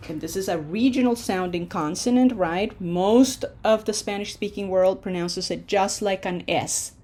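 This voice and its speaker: A woman's voice: mid-range voice, moderate pace, mellow. A woman teaching a Spanish pronunciation lesson, stretching out model words with long vowels and asking and answering her own questions.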